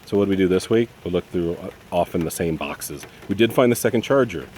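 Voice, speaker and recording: A deep-voiced man venting outdoors. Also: expressive, quick pace, darkish tone, a little hiss or hum. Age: 50s. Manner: exasperated, profane, rambling. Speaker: vlogger. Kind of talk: casual vlog monologue. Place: outdoors in the rain, then under a roof and a tree. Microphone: handheld phone.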